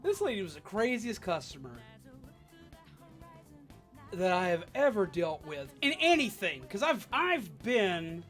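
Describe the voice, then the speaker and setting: A young adult livestream host telling a work story in an animated, sarcastic rant while chatting with viewers. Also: medium pitch, a little slow, pauses often, soft background music. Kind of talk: live stream storytelling rant.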